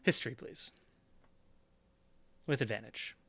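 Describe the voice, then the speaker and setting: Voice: mid-range voice, lively intonation, measured pace, vocal fry, pushed and bright, husky. A game master narrating a tabletop game with playful, descriptive storytelling.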